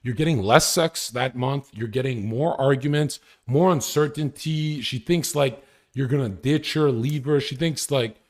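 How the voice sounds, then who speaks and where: A man's voice: mid-range voice, unhurried, few pauses. A young man ranting casually on a live stream, crude and boastful, laughing often as he talks. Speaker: livestreamer.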